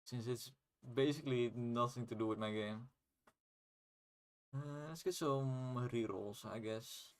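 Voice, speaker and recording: A man's voice: mid-range voice, measured pace, clean tone. A young man, not a native English speaker, rambling casually and swearing now and then while he playtests his own game on stream. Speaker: indie game developer streaming.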